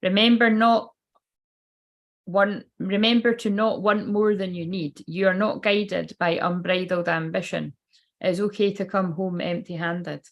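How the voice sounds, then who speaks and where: A woman's voice: medium pitch, fairly even intonation, a little slow, muffled recording. A woman giving a casual, rambling livestream tarot reading, swearing freely and feeling unwell and tired. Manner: chatty, swearing, rambling asides. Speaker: tarot card reader.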